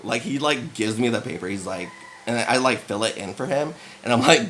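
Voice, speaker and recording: A man's voice: medium pitch, fairly quick, pushed and bright, slight background noise, poor audio. A young American man telling a rambling comic story in casual chat, full of "like" fillers and laughs.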